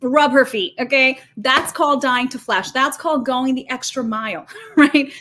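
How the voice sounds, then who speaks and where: A woman guest on a faith podcast, talking in an animated, emphatic, preachy way, fast and full of restarts. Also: sits high, slight background noise. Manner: talks fast with many restarts and fillers. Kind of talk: faith-based podcast conversation.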